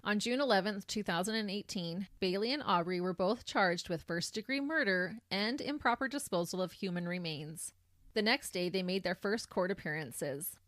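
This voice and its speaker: A woman co-hosting a true crime podcast, telling the details of a case in a casual conversational way that turns animated when she reacts. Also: mid-range voice, moderate pace, no room sound, studio quality. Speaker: podcast co-host.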